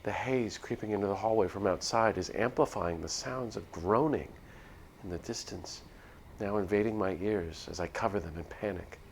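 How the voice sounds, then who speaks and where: A man reads a spooky visual novel aloud on stream, voicing the narrator in first person. His delivery is nervous and earnest, with small slips he corrects. His voice is very deep and gravelly. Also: normal speed, slight background noise. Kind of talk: dramatic first-person reading of a game script.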